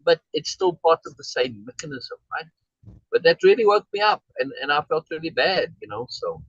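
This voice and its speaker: A man's voice: a little high, sing-song, normal speed, a bit bright, husky, dry recording, highs cut off. A man leading a group discussion, telling a personal story in a casual, rambling way, with many restarts and a habit of asking "right?". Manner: acts out quoted exchanges in a raised voice.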